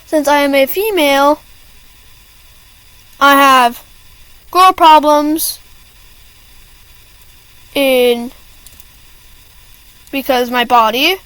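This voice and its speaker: High-pitched teen girl rambling slowly. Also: fairly even intonation, fairly bright tone, no room sound, rough recording. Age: teens. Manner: rambling with many fillers and restarts; apologetic asides. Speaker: student venting to camera. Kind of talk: casual rant.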